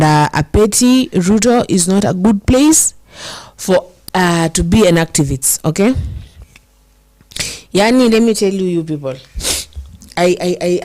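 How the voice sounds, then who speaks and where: A young Kenyan woman's fairly low, slightly mellow voice carries her casual commentary as she reads viewer comments. Emotional in delivery, she blends English and Swahili and slows to lean on key words.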